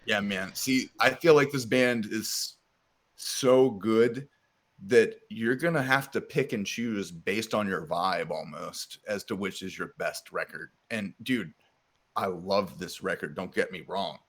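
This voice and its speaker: A man's voice: fairly low pitch, unhurried. A man in casual podcast chat makes his case with emphasis, swearing freely. He keeps calling the others dude and man. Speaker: podcast co-host.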